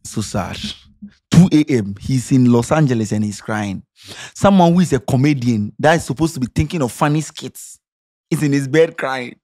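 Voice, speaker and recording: A Ghanaian commentary vlogger delivers passionate, sarcastic social commentary, firing off rhetorical questions. He speaks at normal speed with a medium-pitched, dark-toned voice.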